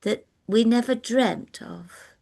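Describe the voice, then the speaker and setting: A woman's voice: fairly high pitch, takes it slowly, vocal fry, warm tone. An older woman chatting on a video call, telling rambling anecdotes and laughing often. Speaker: guest speaker.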